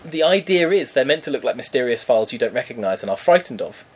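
A man, chatting casually and telling a story with lively, acted-out quotes. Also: medium pitch, fast, breathy edge. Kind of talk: casual chat.

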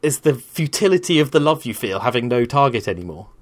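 Man, thirties, rambling, candid, casual podcast chat, mid-pitched voice. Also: very animated, fast. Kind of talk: casual conversation.

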